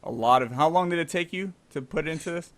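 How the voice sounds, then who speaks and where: A man's voice: on the high side, quick pace. A man hosting a casual podcast, laid-back and enthusiastic, peppering his talk with "man" and "dude". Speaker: podcast host.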